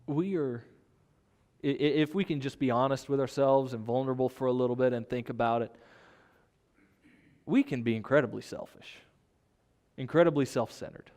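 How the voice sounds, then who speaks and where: A man's voice: mid-range voice, normal speed, long pauses, darkish tone, long reverb tail. A man preaching a sermon in a conversational way, asking his listeners rhetorical questions. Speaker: pastor.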